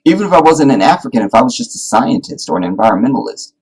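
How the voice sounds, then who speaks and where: A man hosting a casual livestream, talking in an animated, rambling, joking way. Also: medium pitch, fast talker, husky, rough recording. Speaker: livestream host.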